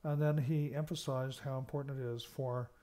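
Recorded in lecture, a US university lecturer talks about management in a mellow, mid-range voice with fairly even intonation and a moderate pace. He explains each point, emphasizes key words, and habitually checks in with "okay."

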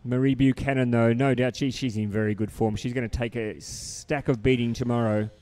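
A man's voice: medium pitch, fairly even intonation, brisk, a little mellow, no room sound. A man doing live sports commentary, teasing and chatty as he banters with his co-hosts. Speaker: lead commentator.

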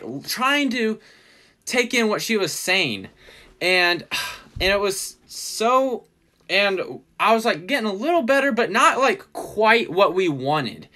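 A man casually telling a story in a livestream replay, animated and laughing often as he acts out what was said. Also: high voice.

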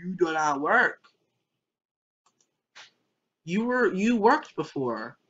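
A young adult gamer rambles through let's play commentary in a bright, crisp voice, cracking jokes and scolding the game out loud. The pitch swings widely from low mutters to high yelps. The recording sounds dull and lo-fi. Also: big pitch swings, slow. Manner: jokey, rambling, talks to the game.

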